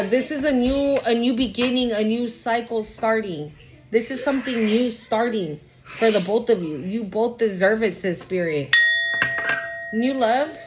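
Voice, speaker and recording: A woman giving a casual tarot reading to her viewers, chatty and emotional, often trailing off and restarting. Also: mid-range voice. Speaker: tarot reader. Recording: background noise.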